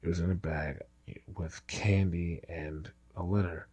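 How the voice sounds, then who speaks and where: A man's voice: deep voice, steady tone, a little slow, noisy background. A man casually telling a personal story, rambling and restarting his sentences. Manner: rambling, repeats himself with false starts.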